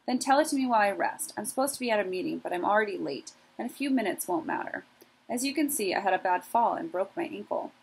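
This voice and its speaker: A woman's voice: mid-range voice, lively intonation, quick pace, vocal fry, slightly rough, rough recording. A woman voicing an elderly male white mouse who is frail and courteous, speaking in a raised, formal, polite voice. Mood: cordial.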